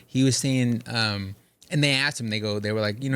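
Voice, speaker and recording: A man's voice: on the low side, brisk, smooth. Slangy young man telling stories. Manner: animated storytelling, slangy, quotes others in put-on voices. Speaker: podcast co-host. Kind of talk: casual chat.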